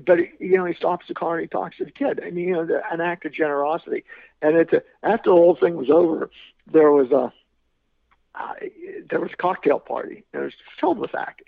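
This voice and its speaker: Man, podcast guest, very gravelly voice, slightly high-pitched, rambling storyteller, tinny phone-like line, dry sound. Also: dry recording. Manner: rambling, many restarts and repeated words. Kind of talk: anecdotal storytelling.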